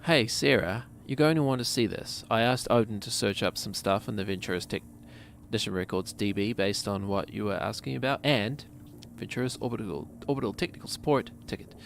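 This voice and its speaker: Gravelly New Zealand man streaming a game. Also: fairly low pitch, fairly quick, hardly any pauses, slight background noise. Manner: reads in-game messages aloud and jokes about them. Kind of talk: casual gameplay commentary.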